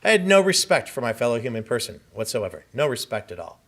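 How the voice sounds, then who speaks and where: Man from southern california, conference testimony, bright forceful voice, earnest storytelling. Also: mid-range voice, big pitch swings, fast talker. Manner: vivid first-person storytelling, earnest. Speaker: conference speaker. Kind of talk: personal testimony speech. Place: conference hall.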